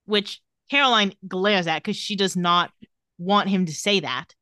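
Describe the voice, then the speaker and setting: On a podcast, a female co-host gives a casual, lively recap of a TV episode, performing the characters' lines as she quotes them. She speaks at a measured pace in a smooth, mid-range voice, captured in a clean studio with no room sound.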